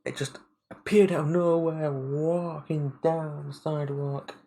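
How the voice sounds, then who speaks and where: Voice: medium pitch, fairly even intonation, measured pace, vocal fry, dark tone, poor audio. A streamer on a live game play-through, reading the story text aloud and stopping to comment, often stumbling over and restarting words.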